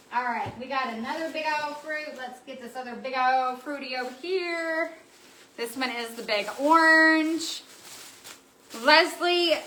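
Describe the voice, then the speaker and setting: Bubbly bright-voiced woman streaming live. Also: a little high, low-quality recording. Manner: bubbly, excitable, chatty with viewers. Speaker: craft shop owner. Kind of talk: live stream product showing.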